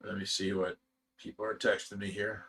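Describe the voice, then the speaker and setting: A man's voice: on the low side, level tone, moderate pace, creaky, pushed and bright, a little hiss or hum. A man hosting a casual livestream, reading out viewer comments and answering them in a loose, blunt way with frequent chuckles. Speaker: fish rescue host reading viewer comments.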